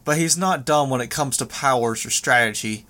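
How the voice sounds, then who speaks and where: A cool, condescending young woman speaks in slow, measured lines with an air of dismissal, voiced by a man narrating an audiobook. She never raises her voice. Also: medium pitch, sharp tone, natural voice.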